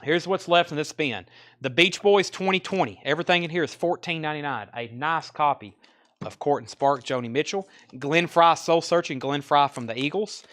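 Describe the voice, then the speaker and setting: A man's voice: a little high, moderate pace, a bit bright. A man with a Southern US accent hosting a live online record sale, rattling off album titles and prices with chatty asides in casual sales patter.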